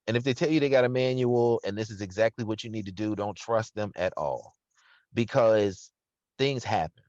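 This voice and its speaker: A man, an interview guest who owns a restaurant, talking in an earnest, reflective way with bursts of lively laughter. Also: fairly low pitch, normal speed, no echo. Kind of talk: casual conversational interview. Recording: slightly dull, dry sound.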